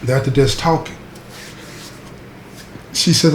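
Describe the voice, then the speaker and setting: A man's voice: on the high side, fairly even intonation, moderate pace, long pauses. Emphatic man telling a story, echoey room. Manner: emphatic, conversational, speaks straight to the listener. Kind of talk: casual spoken storytelling. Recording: echoey room with faint background noise.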